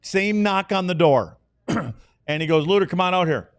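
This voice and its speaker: A man's voice: sits high, animated, normal speed, no echo. A man in his sixties, a podcast co-host and former player, telling rambling, self-deprecating stories in casual talk. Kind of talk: casual storytelling.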